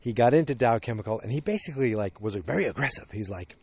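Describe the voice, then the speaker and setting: A man hosting a podcast, casually recapping a TV episode in a rambling, animated way. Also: medium pitch, fast, slight background noise. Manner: rambling, animated retelling with acted quotes. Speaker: podcast host.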